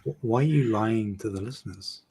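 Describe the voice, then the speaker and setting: A man co-hosting a casual gaming podcast, teasing the others in a dry, deadpan way. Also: lowish voice, brisk, breathy edge. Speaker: podcast co-host. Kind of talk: casual chat.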